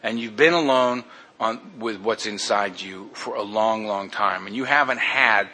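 A man's voice: fairly low pitch, a little slow, pushed and bright, breathy edge. A man candidly telling his own recovery story in a casual, blunt way, often calling his listeners "man". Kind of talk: personal testimony, casual storytelling.

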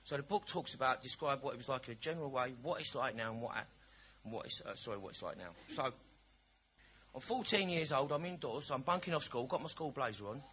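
Male, candid recovery-meeting speaker, bright tense voice, storyteller with humour. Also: medium pitch, expressive, brisk, slight background noise. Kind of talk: personal testimony at a recovery meeting.

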